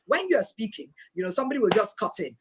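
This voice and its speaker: A Nigerian woman speaking as a guest on a mentoring video call, telling lively stories and acting out the dialogue. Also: on the high side, fast talker, slight background noise. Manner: animated storytelling, acts out dialogue. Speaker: guest speaker and board chair.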